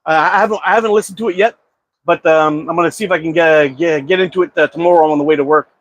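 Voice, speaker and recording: A man's voice: fairly high pitch, steady tone, fast, a bit bright, lo-fi sound. A man hosting a casual live-stream chat about slingshots, talking in a laid-back, rambling way with lots of "uh" fillers. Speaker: slingshot channel host. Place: at home.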